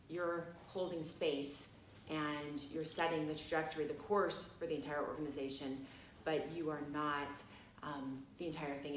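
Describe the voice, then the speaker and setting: A woman with a low voice teaches at a massage college and tells a story casually, animated and laughing in bursts, with plenty of fillers like "you know." The room is echoey, with slight background noise.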